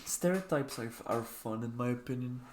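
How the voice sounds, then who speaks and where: A man's voice: mid-range voice, a little fast, darkish tone, slight background noise. Chuckling man telling stories casually. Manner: storytelling, chuckles often, slight restarts. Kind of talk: casual chat.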